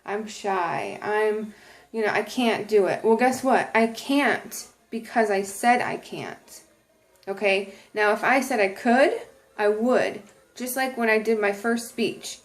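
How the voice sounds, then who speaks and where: A woman's voice: medium pitch, slow. Earnest woman giving a casual inspirational talk. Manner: earnest, restarts sentences, many ums. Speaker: vlogger.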